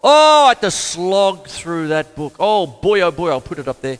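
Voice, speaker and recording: Older man, drum teacher, lively pitch, yarns with joking asides; long reverb and loud drums behind him. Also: moderate pace, smooth, faint music behind. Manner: chatty and self-mocking, with loud exclamations. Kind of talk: casual spoken drum lesson.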